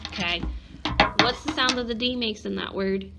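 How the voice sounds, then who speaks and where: A woman's voice: medium pitch, normal speed, vocal fry, very noisy. A woman teacher giving a one-on-one phonics lesson, patiently sounding out letters and words.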